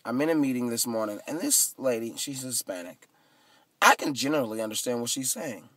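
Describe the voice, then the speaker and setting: A man casually vlogging into his phone, retelling his day with lively, dramatic asides. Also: medium pitch, fairly quick, no echo, recorded from a distance. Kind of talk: casual storytelling vlog. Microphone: phone camera.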